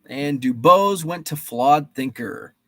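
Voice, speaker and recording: A man's voice: on the high side, expressive, slow pace, sharp tone, no room sound. A man hosting a live stream, running a guessing game with trading cards, reading out viewers' names and answers in a chatty, playful way. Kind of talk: casual live-stream chat.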